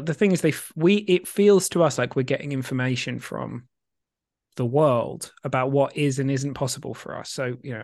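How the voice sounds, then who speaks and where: Animated man explaining on a podcast. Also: medium pitch, no echo, studio quality. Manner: animated, emphatic, casually swearing. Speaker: podcast co-host. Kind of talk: casual explanatory chat.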